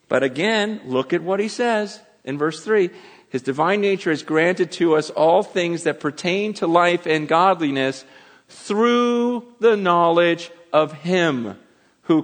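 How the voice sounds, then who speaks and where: A man preaching a sermon, earnest and emphatic, often repeating words and restarting as he presses a point, swinging between soft and forceful delivery. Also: sits high, long reverb tail. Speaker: pastor.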